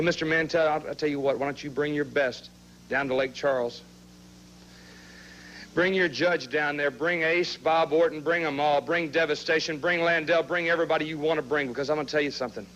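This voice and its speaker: A man's voice: fairly high pitch, steady tone, fairly quick, fairly bright tone, a little hiss or hum. A man cutting a fired-up wrestling promo, challenging his rival in a drawling way. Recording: muffled old TV audio.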